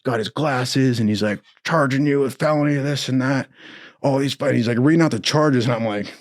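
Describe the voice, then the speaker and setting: Profane, animated young man telling a story. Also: medium pitch, a little fast. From Southern California. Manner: profane, animated, acts out quotes in other voices. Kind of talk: casual storytelling.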